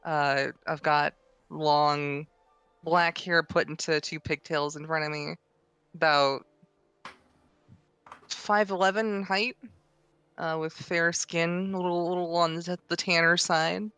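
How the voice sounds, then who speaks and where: A player casually describing their tabletop role-playing character, with many pauses and fillers. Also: medium pitch, fairly even intonation, pushed and bright, clear, resonant tone, no echo, soft background music.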